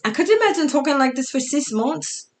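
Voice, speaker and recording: Woman with an altered foreign-sounding speech, gravelly. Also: high voice, lively intonation. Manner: halting, with fillers and restarts. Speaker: storyteller sharing her life. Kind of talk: casual personal storytelling.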